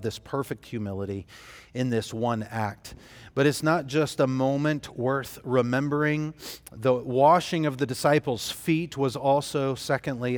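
A man's voice: medium pitch, big-room sound. A man preaching a sermon as pastor, telling the story in an earnest, emphatic way.

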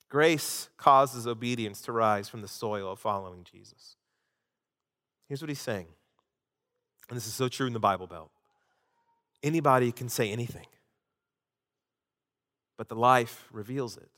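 A man pastor preaching a sermon, swinging between loud emphasis and hushed asides. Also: fairly high pitch, in a large hall.

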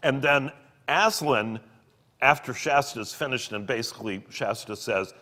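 A man reading book passages aloud and explaining them in an earnest, expressive way, with occasional fillers. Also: mid-range voice, unhurried. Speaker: podcast co-host discussing a book. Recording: long reverb on the voice.

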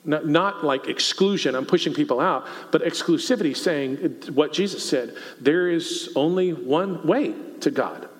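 A Texan pastor delivers a sermon in an easy, conversational way, tossing questions out to the congregation. His voice sits a little high for a man. The sound carries a long reverb from a church hall. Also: measured pace, few pauses.

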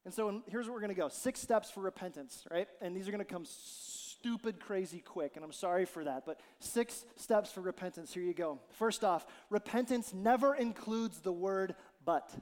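A male pastor delivers a sermon with a lively, joking manner, slipping into little acted-out quotes. His voice sits high for a man. The sound carries a long reverb from a large church hall. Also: normal speed, hardly any pauses. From Ohio. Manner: animated, jokey, acts out quotes.

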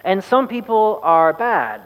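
Preacher putting on a pompous old male sage, tart, loud, raised pitch, lecturing, echoing hall. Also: sing-song, moderate pace, lo-fi sound.

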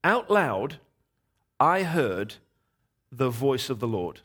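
A middle-aged man preaching as a guest, telling a story in a lively, animated way and voicing the people in it. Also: medium pitch, slow pace, long pauses, slightly rough. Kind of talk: sermon storytelling.

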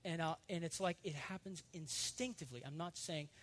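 A man's voice: a little high, brisk, a bit bright. A male pastor preaching a sermon in an earnest, confessional way, often restarting phrases and building to fervent emphasis.

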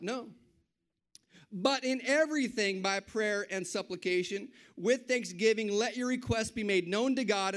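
High-voiced male preacher. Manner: conversational preaching, rising to bold declarations. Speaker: pastor. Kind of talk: sermon.

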